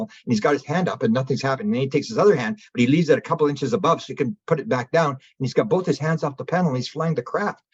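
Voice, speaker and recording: A husky man talks at a quick clip through a dull, lo-fi recording. He is an interview guest who rambles from one anecdote to the next and jumps up in pitch to act out the people he quotes. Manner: rambling, acts out quoted people in raised voices. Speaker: interview guest, UFO researcher. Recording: dull lo-fi audio.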